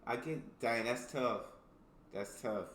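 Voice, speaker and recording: An American reaction video host with a mid-range voice reads jokes aloud slowly, laughing often and reacting loosely between them in casual commentary. His voice is a bit bright, and the room is echoey with slight hiss or hum.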